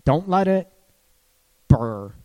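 A man's voice: a little high, big pitch swings, extremely slow, mellow, muffled recording. Guy running a relationship call-in radio show, casual and chatty, laughs a lot, kind of echoey long reverb. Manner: chatty, loose, laughs mid-sentence. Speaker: radio show host and counselor.

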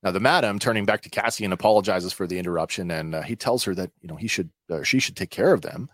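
A man's voice: sits low, fast, fairly bright tone, no room sound, clean studio sound. A man hosting a podcast, recapping an episode in a chatty way with many filler words. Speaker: podcast host.

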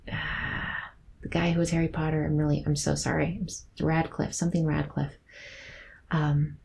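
A woman's voice: deep voice, vocal fry, a little hiss or hum. A young woman hosting her own podcast, talking in a casual, rambling, giggly way as she reflects on past episodes. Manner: rambling, giggly, soft-spoken. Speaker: podcast host.

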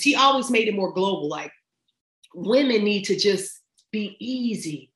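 Middle-aged woman, podcast guest, emphatic slangy advice, fairly high voice, roomy echo. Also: moderate pace, fairly bright tone. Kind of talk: casual chat.

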